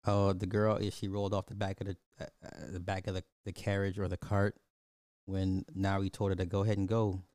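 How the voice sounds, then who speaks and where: A man giving a blunt, animated movie review in casual chat, talking straight to his viewers. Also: sits low, brisk, no room sound, studio quality.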